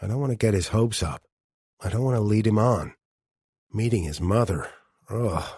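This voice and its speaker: A man's voice: on the low side, normal speed, a little mellow, breathy edge, dry recording, studio quality. A man voicing an anxious middle-aged man who doubts his own feelings, in an audiobook. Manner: worried, self-doubting, blurting. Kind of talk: audiobook character dialogue.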